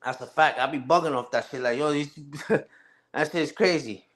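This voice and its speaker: A man's voice: fairly high pitch, normal speed, fairly bright tone. A man ranting casually and profanely on a live stream, repeating himself and asking "you heard?" again and again.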